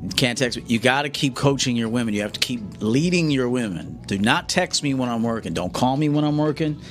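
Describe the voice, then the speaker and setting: A man with a middle-pitched voice lectures his viewers on a live stream. He is blunt and confrontational, and he keeps pressing them with "okay?" and "do you understand?". Faint music plays behind him. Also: expressive, a little fast. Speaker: coach.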